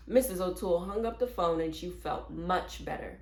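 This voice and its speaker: A woman reading a children's chapter book aloud as a storyteller, clear and steady. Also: on the low side, normal speed, few pauses. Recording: roomy echo.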